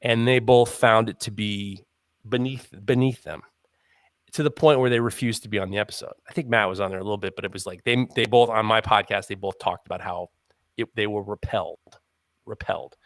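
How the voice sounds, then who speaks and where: A man's voice: lowish voice, steady tone, fairly quick, no room sound. Rambling male podcast host, dry sound. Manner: rambling, acts out quotes in funny voices. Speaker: podcast co-host asking questions. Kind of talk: casual live podcast chat.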